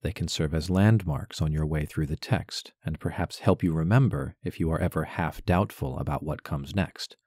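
A man giving a poetry lesson as a voice-over, measured and deliberate, carefully stressing syllables. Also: rumbling low, darkish tone, husky, no echo, studio quality. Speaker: poetry teacher. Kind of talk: instructional narration with poem recitation.

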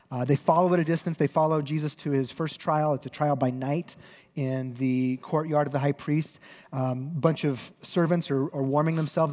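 A male pastor delivers a sermon in a slightly higher register for a man. He speaks conversationally, often correcting himself mid-sentence and adding a wry joke. His voice rings out with a long reverb from a large church hall. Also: darkish tone. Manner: conversational storytelling with self-corrections.

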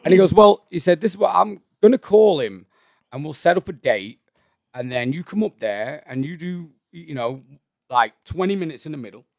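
An English comedian telling stories in casual chat, animated and swearing often. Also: male voice, fairly high pitch, normal speed, gravelly, no echo, clean studio sound. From England. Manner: animated, laughing, swears a lot. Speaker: comedian guest.

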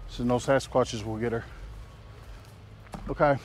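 A man's voice: medium pitch, fairly even intonation, a little slow, slight background noise. A man hosting a casual outdoor vlog, rambling and joking with lots of fillers, recorded on an action camera in the woods. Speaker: vlogger.

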